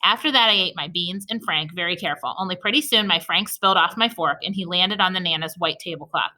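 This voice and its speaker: A woman's voice: on the low side, quick pace, hardly any pauses, sharp tone. A woman reading a first-person children's story aloud, narrating in a chatty, childlike storytelling manner. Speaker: audiobook reader.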